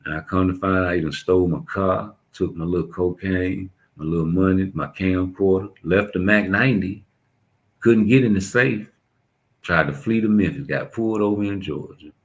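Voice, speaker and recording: This young adult man, a YouTube commentator, speaks in a low voice at a normal pace, ranting bluntly and profanely in street slang. It's a casual monologue captured on a low-quality recording.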